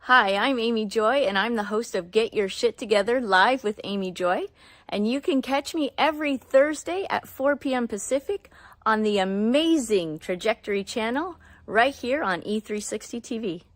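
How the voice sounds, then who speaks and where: A woman's voice: fairly high pitch, normal speed, no room sound, studio quality. A woman host reading a short scripted promo for her show in an upbeat, announcer-like way.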